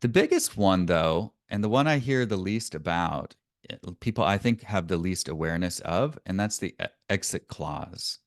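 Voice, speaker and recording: Man, webinar presenter, low voice, dry close recording, conversational, self-correcting. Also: lively intonation, normal speed, creaky, dry recording. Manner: conversational, self-correcting, chuckles now and then.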